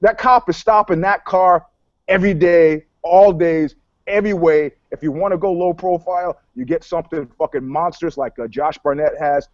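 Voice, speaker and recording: A brash, higher-pitched man co-hosts a casual talk show, swearing freely and acting out both sides of every exchange. The sound is dry and close, with a slightly dull, muffled top end. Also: normal speed, no echo. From New York. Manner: profane, animated storytelling, acts out dialogue. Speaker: podcast co-host, PR commentator.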